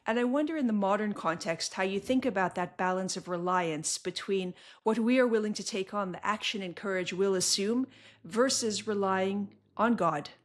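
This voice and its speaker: A woman's voice: medium pitch, normal speed. A woman hosting an interview podcast who reads a scripted intro and asks earnest, enthusiastic questions. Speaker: podcast host.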